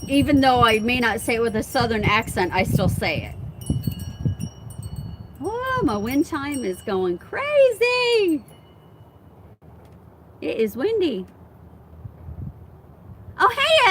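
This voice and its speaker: This woman's voice runs on the high side, with background noise in the clip. She's live streaming casually on her phone from outside her home, where wind and chimes can be heard, chatting and laughing a lot while she reads viewers' comments and responds.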